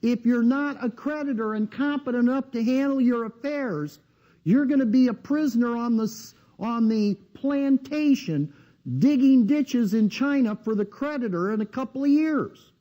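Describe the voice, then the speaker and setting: A man with a high-pitched yet mellow, dark-toned voice lectures a live seminar. He talks bluntly and needles the room with rhetorical questions. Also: normal speed, lo-fi sound.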